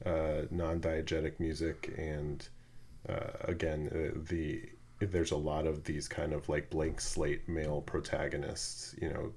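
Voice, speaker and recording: Very deep, husky-voiced man. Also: darkish tone. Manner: thoughtful, hesitant with many ums. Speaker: podcast host. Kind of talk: casual film discussion.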